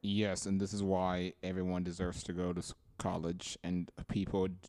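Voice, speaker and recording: A man's voice: deep voice, monotone, moderate pace, darkish tone. A man co-hosting a podcast, teasing and joking in casual banter. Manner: teasing, laughs a lot. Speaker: podcast co-host.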